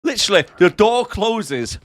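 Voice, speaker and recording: A man's voice: sits high, expressive, normal speed, no echo. A man co-hosting a film podcast, laid-back and sarcastic while recapping scenes. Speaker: podcast co-host. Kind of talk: casual film review chat. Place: home office.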